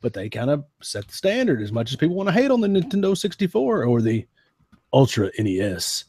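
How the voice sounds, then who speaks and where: His voice is husky and medium-pitched, his pace brisk, in a dry recording. This podcast co-host, a teenager back in the late 1990s, talks enthusiastically and casually about vintage game consoles, animated and fond of saying "man" and "dude."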